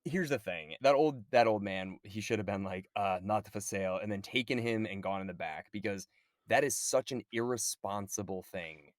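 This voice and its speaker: A man co-hosting a podcast in casual chat, relaxed, swearing freely and saying "dude" and "like" a lot. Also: lowish voice, normal speed, dry recording, studio quality. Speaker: podcast co-host.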